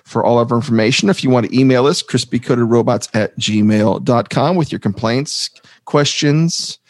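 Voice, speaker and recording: A man's voice: mid-range voice, moderate pace, no echo, studio quality. A man co-hosting a casual movie podcast, chatty and easygoing, often breaking into laughter. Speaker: podcast co-host.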